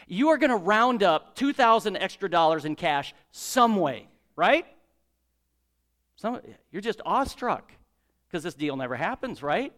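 A man's voice: high-pitched, fairly bright tone. A man preaching a sermon, praying and then telling a story in a conversational way and acting out its dialogue.

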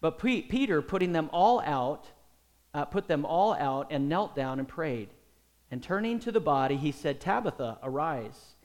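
A middle-aged man preaching a sermon as pastor, animated and putting many questions to his listeners. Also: fairly high pitch, moderate pace.

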